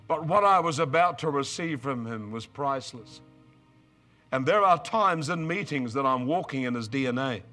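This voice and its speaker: An older man preaching a storytelling sermon, moving from quiet asides to loud, excited outbursts. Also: mid-range voice, moderate pace, soft background music.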